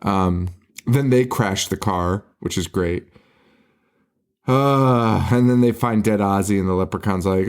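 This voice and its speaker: A man's voice: fairly low pitch, unhurried, clean tone. A man co-hosting a horror movie podcast, recapping scenes in casual chat, laughing often and swearing. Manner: laughing often, swearing, mock-quoting characters. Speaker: podcast co-host.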